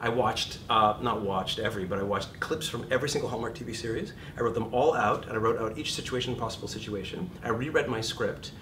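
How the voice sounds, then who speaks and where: Man in his fifties teaching an acting class, animated and profane, heard from across an echoey room with rumbling noise. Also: fast talker, hardly any pauses, distant mic. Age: 50s. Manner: animated, swearing, self-deprecating storyteller. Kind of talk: live seminar talk. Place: classroom seminar. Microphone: distant room mic.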